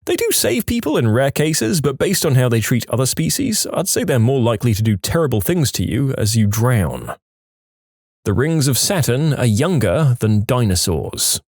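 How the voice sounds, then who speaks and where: A man hosting a podcast, reading online posts aloud in an animated way and dropping wry asides between them. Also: medium pitch, normal speed, dry recording, clean studio sound.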